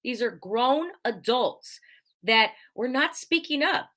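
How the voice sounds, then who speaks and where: A woman's voice: a little high, slow. A woman hosting a live podcast in a casual monologue, telling a story with emphatic repetition and careful diction. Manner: animated storyteller, emphatic repetition, acts out quoted voices; stresses speaking clearly, careful diction. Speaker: host of a live podcast show.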